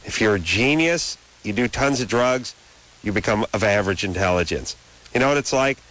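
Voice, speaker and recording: A man's voice: fairly low pitch, animated, moderate pace, fairly bright tone, rough recording. A man in his thirties hosting a late-night radio call-in show, ranting in long, opinionated riffs. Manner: rambling, opinionated rants. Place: radio studio. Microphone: studio microphone.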